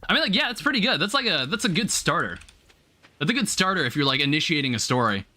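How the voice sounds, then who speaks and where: Bright, lively young man streaming. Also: a little high, fast. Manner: rambling, filler-heavy, thinking aloud, reads chat aloud. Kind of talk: casual live-stream chat while gaming. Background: faint game music.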